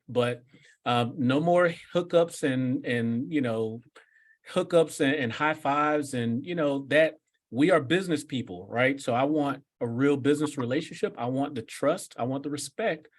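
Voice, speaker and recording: A man hosting a business workshop, answering questions in an energetic, conversational coaching manner. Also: medium pitch, a little slow. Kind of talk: live workshop Q&A.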